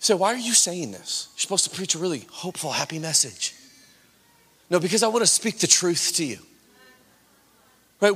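High-voiced man preaching in a reverberant hall. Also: a bit bright. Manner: impassioned, earnest preaching. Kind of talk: sermon with personal testimony. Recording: long reverb of a large hall.

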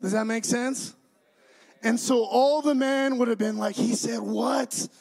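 A young adult man preaching a sermon, telling the story with animated, acted-out voices. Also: extremely high pitch, measured pace, rough recording.

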